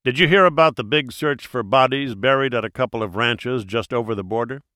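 A man's voice: mid-range voice, brisk, bright, forceful tone, no echo, studio quality, lightly acted. A man voicing a blunt, world-weary FBI agent. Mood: emphatic. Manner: blunt, wry, launches into monologues.

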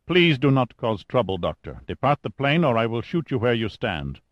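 A man's voice: mid-range voice, very animated, normal speed, dry recording, muffled recording, natural voice. A man voicing a tense, cold military pilot who speaks in a curt, formal and dogged way.

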